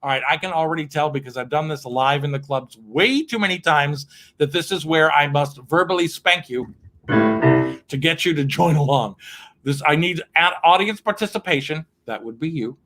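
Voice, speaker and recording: A man's voice: a little high, lively intonation, moderate pace, fairly bright tone. A man hosting an online cabaret show from his piano, chatting with viewers between songs in a campy, cheeky way and laughing often. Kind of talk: chatty live-stream banter between songs.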